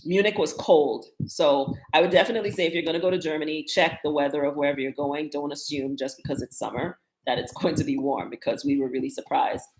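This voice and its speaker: A woman in her fifties with a low voice talks casually to her live audience, chatty and wry as she tells travel stories. Her voice rings a little in an echoey room. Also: fast talker, hardly any pauses. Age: 50s. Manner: chatty, animated, wry storytelling. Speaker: travel vlogger. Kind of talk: casual live-stream chat.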